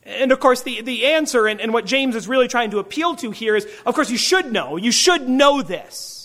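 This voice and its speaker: A preacher working through a text in an expository sermon. The delivery is emphatic, slowing on rhetorical questions and punching single key words. Phrases often stumble into repeats and restarts before pressing on. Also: mid-range voice, expressive, a bit bright. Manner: frequent word repeats and restarts.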